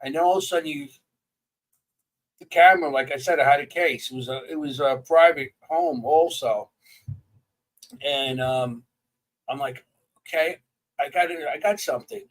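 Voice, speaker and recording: A man chatting casually as a paranormal investigator, telling stories in an animated way and restarting sentences as he gets excited. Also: medium pitch, moderate pace, pauses often, far from the mic, low-quality recording. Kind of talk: casual chat.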